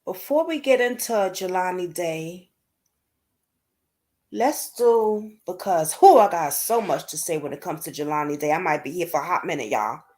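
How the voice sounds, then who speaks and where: A woman hosts a casual livestream from home at night, discussing unsolved cases, talking straight to her viewers, and reading out and reacting to their comments in a chatty way. Her voice is on the low side with a darkish tone, lively intonation, and a moderate pace.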